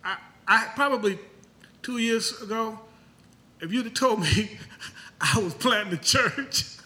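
A man preaching a sermon as pastor, asking rhetorical questions and breaking into loud high bursts. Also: lively intonation, normal speed.

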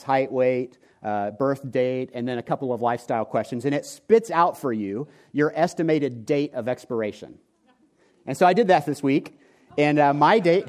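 A man's voice: on the high side, darkish tone. A man in his forties, a pastor preaching a sermon in a joking, conversational way and talking directly to the congregation. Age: 40s. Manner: joking, conversational, talks to the audience. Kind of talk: sermon with humorous storytelling. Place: church before a live congregation.

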